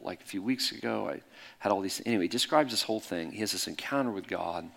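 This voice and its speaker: A middle-aged man preaching in a candid, conversational way, swinging between loud bursts and soft hushed asides. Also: fairly low pitch, fast talker, vocal fry. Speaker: pastor. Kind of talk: sermon storytelling.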